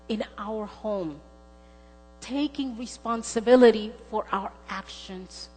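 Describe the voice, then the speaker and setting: A middle-aged woman preaching a sermon, earnest and storytelling, acting out the voices in her stories. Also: a little high. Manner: earnest, storytelling with acted quotes. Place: church sanctuary. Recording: long church hall reverb with mains hum and faint music.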